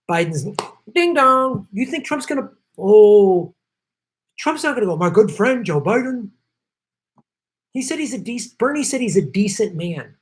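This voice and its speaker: Brief: middle-aged male host, heated profane rant, hammering his points over and over. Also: high-pitched. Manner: angry, profane, emphatic and repetitive. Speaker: host of a political commentary show. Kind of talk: ranting political commentary.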